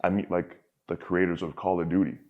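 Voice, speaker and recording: A man's voice: low-pitched, flat delivery, fairly quick, narrow, tinny audio. A young man talking candidly as a podcast guest, rambling with lots of filler words and casual swearing.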